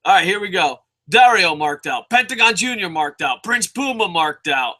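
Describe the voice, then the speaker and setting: A man reviews a wrestling show casually, his voice sitting high at a moderate pace. Excitable and foul-mouthed, he rambles with restarts and breaks out into shouts.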